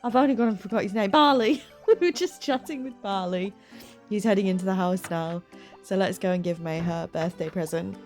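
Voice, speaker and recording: A woman's voice: medium pitch, brisk, a little mellow, faint music behind. A woman hosting a game playthrough, chatting casually, often laughing and close to tears. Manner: chatty, giggly, flustered. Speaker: gaming channel host.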